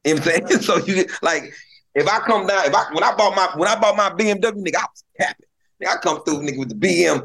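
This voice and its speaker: A man's voice: sits high, fast talker, a crowd in the background. A middle-aged male comedian telling stories in casual chat, slangy, repeating words and laughing often. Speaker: comedian guest.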